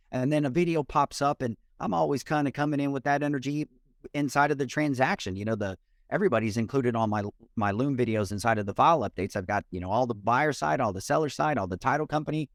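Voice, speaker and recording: A man, a mortgage loan officer and podcast guest, talking in an energetic, expressive way over a remote call. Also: mid-range voice, no room sound, clean studio sound. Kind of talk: casual interview talk.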